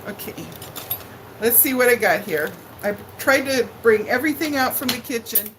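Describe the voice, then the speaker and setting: A woman's voice: fairly high pitch, moderate pace, a bit bright, a little hiss or hum, rough recording. A middle-aged woman hosting a casual home livestream from her living room, chatting and greeting viewers by name with sing-song hellos. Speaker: livestream cooking host. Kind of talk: casual live-stream chat.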